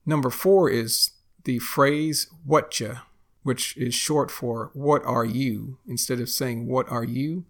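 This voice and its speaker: A man from Texas with a Texan accent, teaching English phrases slowly and deliberately, repeating each example. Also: mid-range voice, fairly even intonation. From Texas, United States. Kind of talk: explaining lesson.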